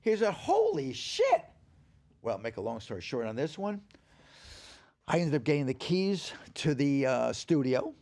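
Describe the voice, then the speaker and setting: A man guesting on a podcast, telling anecdotes in an animated, profane way and acting out the people in them. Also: mid-range voice, normal speed, vocal fry. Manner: animated, profane storyteller who acts out quoted dialogue. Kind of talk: anecdotal storytelling. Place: podcast stage.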